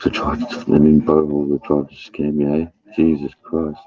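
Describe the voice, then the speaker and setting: A man's voice: very deep voice, monotone, moderate pace, warm tone, muffled recording. A man hosting a livestream, chatting casually, swearing and laughing often. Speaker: livestream host. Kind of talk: casual chat.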